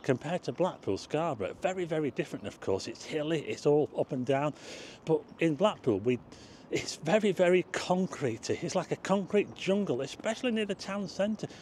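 A man's voice: fairly high pitch, expressive, normal speed, darkish tone, slight background noise. A man narrating a casual walking tour, chatting to his viewers and exclaiming at what he sees. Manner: chatty, addresses viewers as folks, exclaims at sights. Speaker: travel vlogger. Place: outdoors on town streets.

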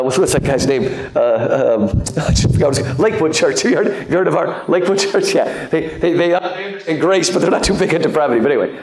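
A man giving a live lecture to an audience, lively and joking, with many fillers and asides. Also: a little high, noisy background. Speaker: guest lecturer. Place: lecture hall. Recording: echoey lecture hall.

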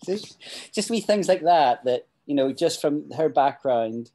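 Scottish guy teaching english, mellow voice, rambles a bit, lots of "you know". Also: fairly high pitch, animated, measured pace. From Scotland. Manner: chatty and rambling, with frequent restarts and "you know". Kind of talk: casual spoken English lesson.

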